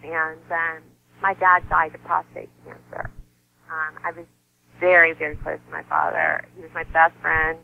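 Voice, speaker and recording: A woman's voice: deep voice, moderate pace, gravelly. Earnest woman in her thirties on a dull line. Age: 30s. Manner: earnest and heartfelt, laughs easily, voice softens when grieving. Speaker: guest, model and actress. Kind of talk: emotional personal interview talk.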